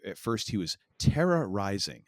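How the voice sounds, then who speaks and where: A low-pitched man from Maine chats casually on a podcast, rambling and circling back with fillers and restarts. His voice sits close to the mic in a dry, dead-sounding space. The talk is loose and easygoing. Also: very animated, normal speed, no room sound. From Maine, USA. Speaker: podcast co-host. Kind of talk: casual chat.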